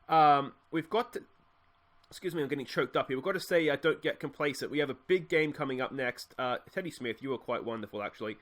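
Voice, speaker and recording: A man casually commentating his football management game, cheering goals loudly and thinking aloud about tactics. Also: a little high. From Australia. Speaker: gaming YouTuber playing a football management game.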